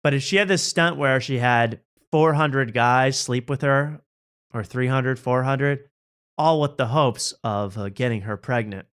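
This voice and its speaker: A man's voice: mid-range voice, measured pace, fairly bright tone, clean tone. A man hosting a casual late-night show, mocking and joking. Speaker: host.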